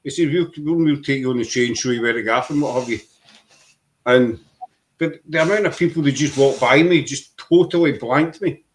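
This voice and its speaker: A chatty Glaswegian man telling rambling stories, his voice sitting at a middling pitch for a man. He jumps up and down in pitch as the anecdotes unfold. He talks casually as a guest on a podcast. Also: moderate pace, slight background noise. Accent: Glaswegian Scottish. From Glasgow, Scotland. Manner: rambling storyteller, lively swings in pitch. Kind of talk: casual chat.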